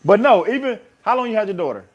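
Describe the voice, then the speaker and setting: Lively, high-pitched teasing man. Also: dull audio. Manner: teasing, quick to laugh and jump in. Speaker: co-host. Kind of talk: casual barbershop banter.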